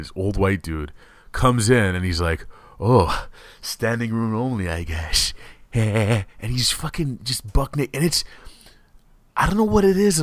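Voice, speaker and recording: A man hosting a comedy podcast, chatting casually in an animated, swearing, rambling way. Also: mid-range voice, dry recording. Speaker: podcast host.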